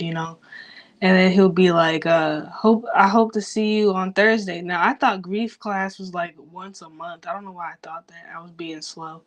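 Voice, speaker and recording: A woman talking straight to camera in a personal vlog. She is grieving and rambles from thought to thought, loose and profane. Her talk is unfiltered and drifts all over the place. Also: on the low side. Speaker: vlogger.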